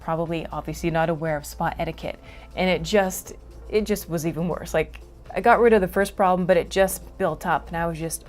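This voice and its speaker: A woman from Canada speaks in a somewhat low voice as an interview guest. She talks casually and animatedly, laughing often and acting out her own reactions. Faint music plays behind her. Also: a little fast. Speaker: guest emotions teacher.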